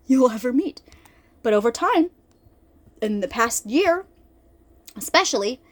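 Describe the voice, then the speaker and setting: A woman with a high, light voice talks about faith in a loose, chatty way. She is animated and keeps circling back on her words, calling her viewers y'all. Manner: animated, chatty, repeats herself. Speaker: faith vlogger. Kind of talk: casual Bible talk. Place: lives in an RV.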